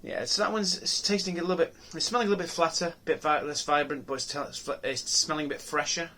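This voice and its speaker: A man's voice: a little high, fairly even intonation, fast talker, sharp tone. A man reviewing beer on his own channel, talking casually and musing aloud with many ums, restarts and rhetorical questions.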